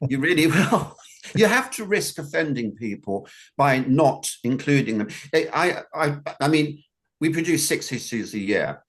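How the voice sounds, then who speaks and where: A man's voice: fairly high pitch, big pitch swings, measured pace. A man interviewing casually on a video call, wry and jokey. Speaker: journal editor, interviewer.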